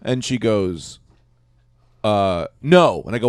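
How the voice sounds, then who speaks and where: Lively joking man telling party stories. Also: lowish voice, slow, clear, resonant tone, no room sound. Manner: animated storyteller acting out quotes. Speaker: podcast co-host. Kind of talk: casual comedic chat.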